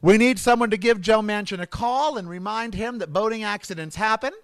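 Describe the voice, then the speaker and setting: A man's voice: high-pitched, fairly quick, fairly bright tone, clean tone, no echo. A man hosting his podcast in a campy, rambling comedic monologue. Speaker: podcast host.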